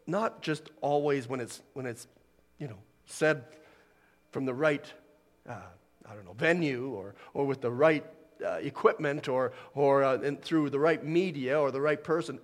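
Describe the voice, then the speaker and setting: A man preaching a sermon, swinging from loud emphatic declarations to hushed, near-whispered lines. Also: fairly high pitch. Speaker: pastor. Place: church hall. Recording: long hall reverb.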